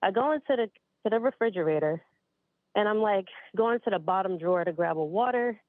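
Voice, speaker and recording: A woman's voice: medium pitch, animated, fairly quick, dry recording. A woman in her late twenties from upstate New York, a caller telling a spooky story in a chatty way, a bit out of breath. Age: late 20s. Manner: chatty, addresses listeners as you guys. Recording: dry tinny phone line.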